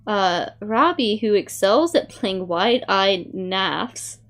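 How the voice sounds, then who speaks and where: A woman's voice: medium pitch, expressive, takes it slowly. Give me a young woman streamer chatting casually and rambling, with faint background music. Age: young adult. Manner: rambling, many "like" fillers, reads aloud from a review. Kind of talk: casual chat.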